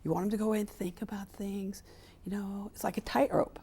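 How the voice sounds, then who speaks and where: Her delivery is flat and brisk, though the medium-pitched voice is warm and slightly rough. She's a woman in her seventies and a sports equality advocate, being interviewed candidly, acting out quoted dialogue and hammering points through repetition.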